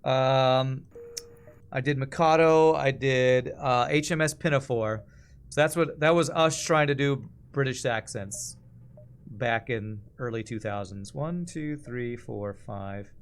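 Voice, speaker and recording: A Texas game streamer in his forties, with an American accent, rambles chattily through casual commentary and reads chat aloud. His mid-range voice is smooth and moves at a slow pace, with faint game music behind him.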